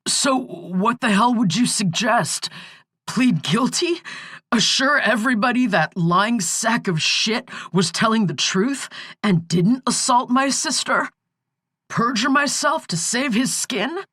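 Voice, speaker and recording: A woman's voice: medium pitch, expressive, unhurried, fairly bright tone, dry recording, voice pushed up. A woman voicing a panicking young man in jail, his voice quavering and close to tears. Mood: defiant. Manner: desperate, quavering, near tears.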